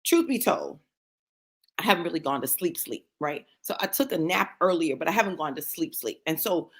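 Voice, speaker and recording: A woman's voice: deep voice, animated, normal speed, husky. A woman with grandchildren, speaking as a motivational speaker in an impassioned, preacherly testimony, repeating phrases for emphasis and checking in with "right?".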